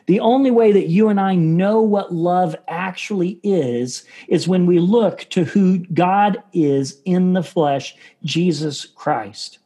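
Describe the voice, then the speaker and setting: A man's voice: high-pitched, takes it slowly, hardly any pauses, warm tone. A man preaching a sermon as pastor, earnest and repeating key phrases to stress them. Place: church.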